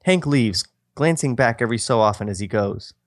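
A man's voice: medium pitch, animated, fairly quick, no room sound, clean studio sound. A man co-hosting a podcast, reading his own old screenplay aloud with self-mocking asides. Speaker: podcast co-host.

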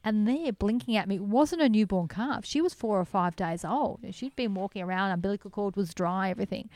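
An Australian woman, a guest in a casual interview, telling animated stories and laughing often. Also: mid-range voice, no echo. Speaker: sanctuary founder, guest.

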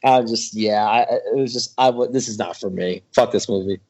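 A man's voice: fairly low pitch, a little fast, a little mellow, dull audio. A young man co-hosting a podcast movie review, blunt and profane, often restarting his sentences. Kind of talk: casual chat.

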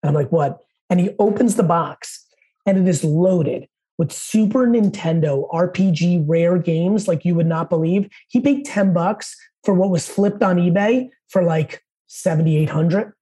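A man as a podcast guest, telling stories in a fast, profane, high-energy way. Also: mellow, slightly rough. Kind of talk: casual interview storytelling.

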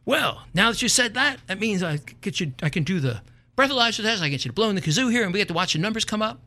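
A man's voice: high voice, animated, fast talker, sharp tone, pitched above the performer's own voice, heavily acted. A man quoting a stiff, officious male police officer while telling a story. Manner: stiff, bureaucratic.

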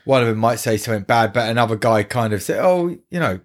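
A man's voice: fairly low pitch, level tone, fast talker. A man co-hosting a podcast, talking casually and rambling about a film, restarting phrases and acting out quotes. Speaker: podcast co-host.

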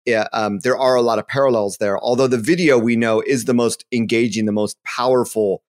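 A man's voice: mid-range voice, steady tone, brisk. A man as a guest on an interview show, giving earnest advice with a few fillers. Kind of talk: interview answers.

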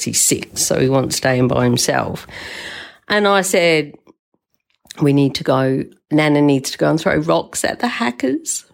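Older aussie lady podcaster, low gravelly voice, emotional and sweary, rambles on. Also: a little mellow. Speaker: podcast host. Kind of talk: casual storytelling monologue.

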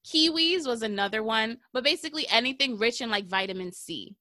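Bright-voiced chatty woman in her thirties. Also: fairly high pitch, lively intonation, brisk, no echo, studio quality. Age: 30s. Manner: chatty, slangy, laughs often. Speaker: podcast host. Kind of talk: casual chat.

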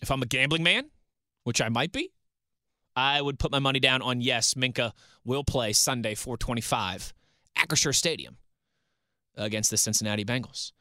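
Bright-voiced, upbeat sports radio man. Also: medium pitch, moderate pace, long pauses, no room sound, clean studio sound. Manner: chatty, reads listener tweets and banters. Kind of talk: solo sports talk radio.

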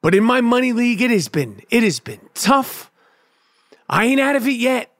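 A man's voice: very high voice, big pitch swings, moderate pace, fairly bright tone, dry recording, studio quality. A man hosting a podcast, telling a rambling, profane, comedic story in casual chat. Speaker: podcast host.

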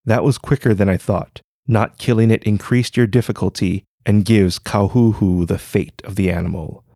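A man's voice: on the low side, steady tone, moderate pace, warm tone, no room sound, studio quality. A man voicing a playful old male sage who giggles and teases. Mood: teasing. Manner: playful, knowing.

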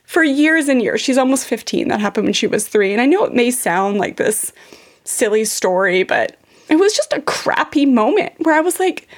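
A woman's voice: a little high, sing-song, moderate pace. A woman in her thirties, a parenting podcast host, candidly telling a personal story to her listeners, full of casual fillers. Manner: candid, confessional, frequent "like" fillers.

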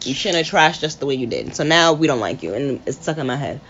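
A low-voiced woman talks sports in a lively, swooping way, trash-talking players and cracking herself up. The recording is dull and lo-fi with a faint hiss behind her. It sounds like a late-night podcast at home. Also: fast talker. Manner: animated, trash-talking, laughs often. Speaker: podcast co-host. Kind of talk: casual sports chat.

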